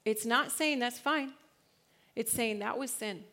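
A woman in her thirties giving a casual, slangy church talk, laughing often and swinging from hushed to loud. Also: fairly high pitch, unhurried. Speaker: speaker at a church gathering.

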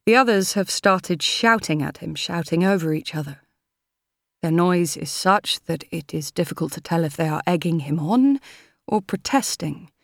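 A woman reading an audiobook in a measured, steady manner. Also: lowish voice, gravelly, dry recording, studio quality. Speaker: audiobook narrator. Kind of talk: audiobook narration.

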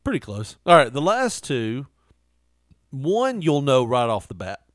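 A man's voice: medium pitch, very animated, a little slow, no echo, clean studio sound. A man co-hosting a podcast, teasing and laughing a lot in crude casual banter. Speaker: podcast co-host.

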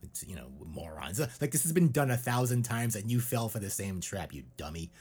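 A man's voice: on the low side, big pitch swings, fairly quick, darkish tone, slightly rough. A man co-hosting a podcast in casual chat, rambling and sarcastic. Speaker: podcast co-host.

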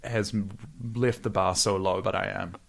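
A man co-hosting a casual podcast, recapping a comic with wry asides and quick character voices. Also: low-pitched, fairly even intonation, gravelly, a bit bright. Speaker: podcast co-host.

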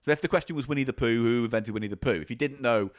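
A man in casual comedic chat, rambling as he lays out game rules and tripping over invented names. His voice sits at a middle pitch, neither high nor low. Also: racing. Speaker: podcast co-host.

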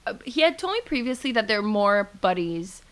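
A woman's voice: mid-range voice, fairly quick. A young woman co-hosting a podcast, telling a story with lots of "like" fillers and casual swearing. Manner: animated storyteller, heavy "like" fillers, swears freely. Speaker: podcast co-host.

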